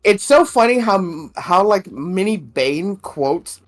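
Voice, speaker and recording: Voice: medium pitch, animated, slow. A podcast co-host chatting casually, whose voice swings all over with lots of rise and fall. The talk is loose and profane and keeps breaking into giggles. Faint music plays underneath. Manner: giggly, loose and profane, laughs through sentences. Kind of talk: casual chat.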